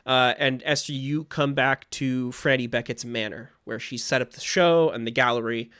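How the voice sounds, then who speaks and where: A man narrating as game master in a relaxed way, with frequent fillers. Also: medium pitch, normal speed, clean tone, no echo, studio quality.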